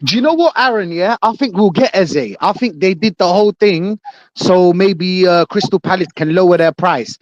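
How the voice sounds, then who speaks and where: A man joining a live chat show as a guest, animated and joking, full of shout-outs. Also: high voice, moderate pace, no room sound, highs cut off. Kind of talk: casual live podcast chat.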